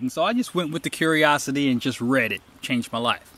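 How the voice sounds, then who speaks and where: A man's voice: mid-range voice, brisk, fairly bright tone. Rambling man vlogging on a hike. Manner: rambling, storytelling, emphatic asides. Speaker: hiker vlogger. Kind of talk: casual monologue while hiking. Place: outdoors on a trail.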